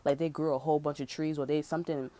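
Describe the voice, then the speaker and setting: A woman giving a casual tarot reading, talking in loose slang with lots of "bro" and swearing, getting louder and more heated as she vents. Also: low-pitched, level tone, fast. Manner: slangy, profane, repeats "bro", grows loud and heated. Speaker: tarot reader.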